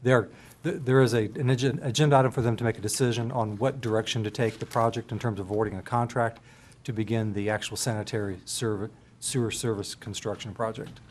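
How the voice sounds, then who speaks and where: A man's voice: fairly low pitch, fairly even intonation, fast talker. A man on a county board's staff explaining meeting business, hesitant, with frequent ums and restarted words. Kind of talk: official meeting procedure.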